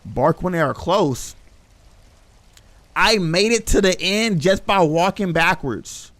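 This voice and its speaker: A man's voice: high voice, expressive, takes it slowly, fairly bright tone, dry recording. A young man streaming a horror game, reacting casually with slang and talking to his chat. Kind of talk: live gameplay commentary.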